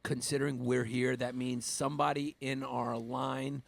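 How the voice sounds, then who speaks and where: A man's voice: medium pitch, level tone, moderate pace, vocal fry. A man co-hosting a comedy podcast, teasing and swearing freely in casual banter. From Brooklyn. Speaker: podcast co-host.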